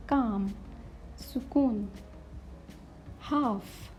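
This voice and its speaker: Slow, deliberate woman teaching pronunciation. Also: high-pitched, dark tone. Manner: careful, deliberate word-by-word pronunciation. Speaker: English teacher. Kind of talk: slow vocabulary lesson. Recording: dull lo-fi recording with faint hiss.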